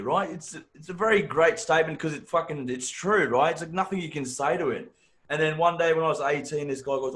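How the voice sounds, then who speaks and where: A man's voice: fairly high pitch, fast. A man with a mixed English and Australian accent doing a brash, profane stand-up set. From born in England, raised partly in Africa and Australia. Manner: brash, profane, animated storytelling. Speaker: stand-up comedian.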